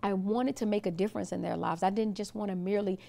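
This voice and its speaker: Woman host, emphatic and encouraging, fry in the voice, mid pitch. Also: fairly even intonation, quick pace, dark tone. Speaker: talk show host. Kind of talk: casual interview talk.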